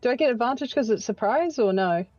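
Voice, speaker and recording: A woman plays in an online tabletop game, her words tumbling out in eager restarts. Her voice is mellow and dark, recorded dry with a slightly dull, lo-fi tone. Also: on the high side, expressive, quick pace, dry recording. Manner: eager, stumbling, laughs while describing. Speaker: player.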